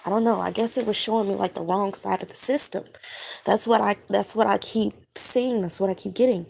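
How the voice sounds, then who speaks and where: A woman who has just woken up, recounting a dream in a casual monologue, halting and searching for her words with many fillers. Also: mid-range voice, fairly even intonation, creaky, darkish tone, a little hiss or hum. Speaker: spiritual vlogger.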